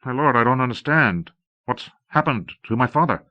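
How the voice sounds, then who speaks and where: A man's voice: medium pitch, animated, normal speed, pitched above the performer's own voice, natural voice. A man voicing an earnest, troubled young man of the Watch, speaking urgently on a dull old tape. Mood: distressed.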